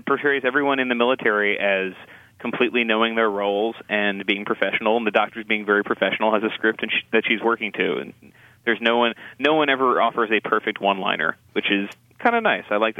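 A man co-hosting a casual film review chat, talking in halting, restarting sentences with wry asides. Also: on the low side, no room sound. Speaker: film critic co-host. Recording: tinny phone-like line, dry.

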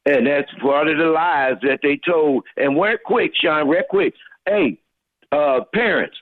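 A man's voice: on the high side, measured pace, dry recording. A male caller from Houston, Texas, ranting emphatically with a preacher-like cadence to a talk radio host. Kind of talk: fired-up call-in rant. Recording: phone line.

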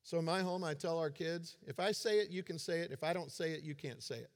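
A man's voice: a little high, quick pace. A man in his forties giving a sermon as a pastor, conversational and self-deprecating in his humor. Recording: long hall reverb.

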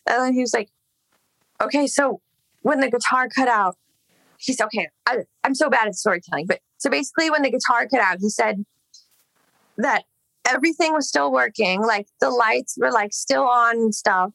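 A young woman from Los Angeles tells a rambling story in a casual chat, peppering it with "like" and curse words. Her voice is bright and gravelly with plenty of vocal fry, recorded close and dry. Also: fairly high pitch, brisk, dry recording, poor audio. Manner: rambling, heavy filler "like", swearing. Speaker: singer, podcast guest.

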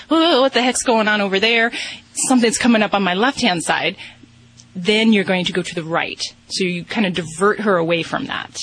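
Husky woman giving calm pet advice. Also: mid-range voice, low-quality recording. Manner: gentle, steady advice with frequent ums. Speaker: pet behavior expert. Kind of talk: radio call-in advice.

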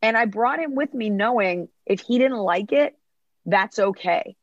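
A woman's voice: mid-range voice, expressive, measured pace, dry recording. Woman comic in her 30s, podcast guest, chatty storyteller, acts out quotes, dry dull mic. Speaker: stand-up comedian, podcast guest. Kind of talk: casual interview talk.

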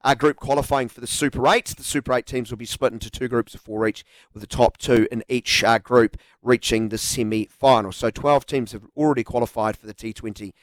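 A man's voice: mid-range voice, steady tone, a little fast, few pauses, dry recording. A man co-hosting a sports show, reading news items with many fillers and a playful edge. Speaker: co-host. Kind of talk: casual chat.

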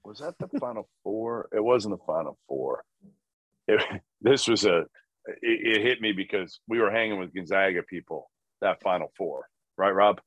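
Male co-host, very deep voice, wry and low-key, casual swearing, dry close mic. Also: lively intonation, normal speed, a bit bright, dry recording, highs cut off. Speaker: podcast co-host. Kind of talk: casual chat, storytelling.

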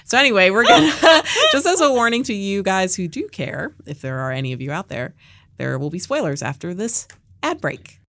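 A woman hosting a podcast in casual chat, animated and leading the segment, with frequent fillers. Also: mid-range voice, normal speed, no room sound. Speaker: podcast host.

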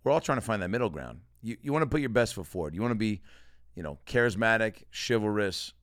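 A man hosting a comedy podcast, telling animated stories and acting out the people in them. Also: on the low side, fast, no room sound, clean studio sound. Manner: animated storyteller, acts out quotes. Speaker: podcast host.

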